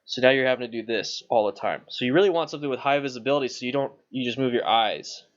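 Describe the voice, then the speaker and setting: A man's voice: medium pitch, fast talker, no room sound, lo-fi sound. A man hosting a casual livestream Q&A about motorcycles, chatty and loose, reading viewer questions aloud. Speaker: motorcycle channel host.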